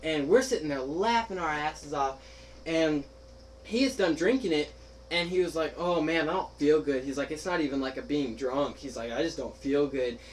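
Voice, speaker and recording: A young man spins a story for his friends, voicing each person in turn and breaking into laughter. His voice sits a little high. A light background hiss runs under it. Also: moderate pace, poor audio. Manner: animated, laughing, acts out quoted friends. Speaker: podcast host telling a story. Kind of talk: casual storytelling chat.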